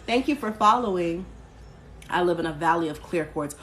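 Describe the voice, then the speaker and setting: A woman with a slightly low voice talks straight into her phone during a casual live stream. She chats candidly, picks up viewer comments as they come in, and lets an occasional curse slip. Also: lively intonation, moderate pace, fairly bright tone. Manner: candid and chatty, reads out and answers viewer comments, occasional swearing. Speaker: spiritual practitioner hosting a live stream.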